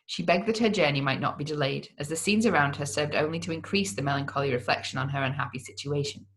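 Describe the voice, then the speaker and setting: A measured narrator reading old gothic fiction aloud at a mid pitch. The delivery is deliberate and steady, with the occasional stumble corrected on the spot. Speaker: audiobook reader.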